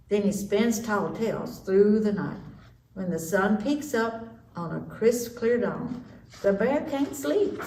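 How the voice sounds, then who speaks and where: Woman, story time reader, slow and animated; echoey room, far mic. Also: medium pitch. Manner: slow, expressive, lively storytelling. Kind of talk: children's read-aloud. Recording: echoey room, distant mic, faint noise.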